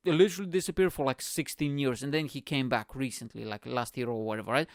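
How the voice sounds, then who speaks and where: A young man with an accent hosts a podcast, delivering a crude, boastful, self-mocking comedic monologue. His voice is medium-pitched with fairly even intonation, and he talks fast. The recording is studio quality with no echo.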